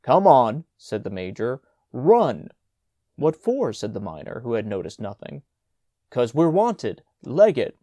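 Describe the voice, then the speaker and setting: A man's voice: medium pitch, huge pitch swings, unhurried, dark tone, no echo, full character voice. A man doing a bossy scolding schoolboy. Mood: urgent. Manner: scolding, urgent. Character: bossy, exasperated older schoolboy brother.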